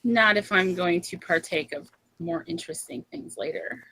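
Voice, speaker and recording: A woman's voice: fairly low pitch, moderate pace, sharp tone, no room sound, low-quality recording. A woman voicing her flirtatious scoundrel character in a tabletop role-play, teasing and seductive.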